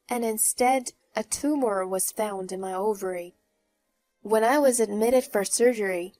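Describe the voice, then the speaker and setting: Woman narrator for a first-person story; mellow, mocking edge. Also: a little high. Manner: mocking, even-toned. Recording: faint background music.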